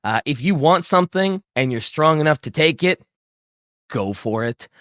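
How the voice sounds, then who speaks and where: Animated, rambling male podcast host. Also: a little high, moderate pace, no room sound, clean studio sound. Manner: animated, rambling, with many fillers. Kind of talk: casual chat.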